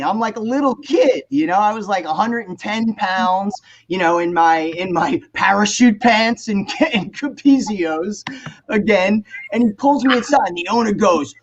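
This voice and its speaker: Guy in his 50s, high voice, swears a lot, acts out the quotes, muffled call audio. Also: unhurried. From New Jersey. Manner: animated, profane storyteller, acts out quotes. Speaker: guest musician. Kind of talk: casual storytelling on a video call panel.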